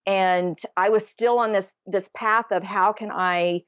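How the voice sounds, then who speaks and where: Animated woman telling a story, dull dry sound. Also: mid-range voice, unhurried, clear, resonant tone, no room sound. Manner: animated storyteller who acts out quoted voices. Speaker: podcast guest. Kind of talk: casual storytelling interview.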